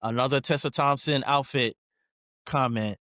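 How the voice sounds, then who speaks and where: A man co-hosting a podcast, talking in a relaxed, casual way with lots of fillers. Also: mid-range voice, moderate pace, no echo, studio quality. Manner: relaxed, conversational, many fillers. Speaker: podcast co-host. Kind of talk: casual chat.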